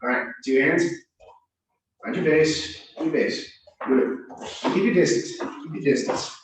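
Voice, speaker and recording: A man teaching a self-defense drill, giving calm, reassuring, repeated cues to a student. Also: a little high, a little slow, background noise. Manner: reassuring, repetitive coaching cues. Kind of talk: coaching a drill. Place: martial arts gym. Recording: very echoey room, from far off.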